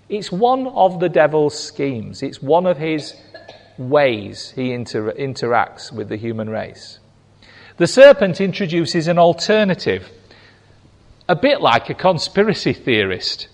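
Slow, lively preacher in a hall. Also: male voice, gravelly. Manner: slow and emphatic, voicing quotes with animated pitch swings. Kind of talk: sermon. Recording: long hall reverb.

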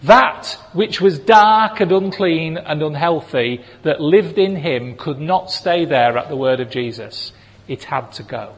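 A man preaching a sermon, animated and acting out voices of people in the stories he tells. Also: fairly high pitch, a little slow. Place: church hall. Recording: long reverb of a large hall.

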